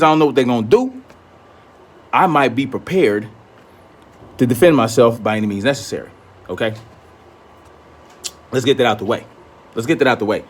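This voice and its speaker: A man rants straight at his critics, blunt and profane, daring them to argue. He repeats his points to hammer them home, with his voice sitting at an ordinary middle pitch. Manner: repeats himself for emphasis. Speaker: commentator. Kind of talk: ranting commentary.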